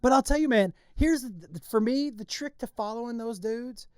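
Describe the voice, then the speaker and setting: A man's voice: very high voice, moderate pace, clean tone, dry recording, clean studio sound. A man who is a guest comedian, chatting casually in a laid-back, blunt way and swearing freely. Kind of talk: casual chat.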